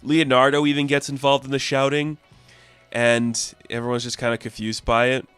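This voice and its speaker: A man's voice: mid-range voice, little pitch movement, normal speed, a bit bright, clear, resonant tone, no room sound, soft background music. A man giving a casual, enthusiastic spoken review of a comic book, with lots of filler words.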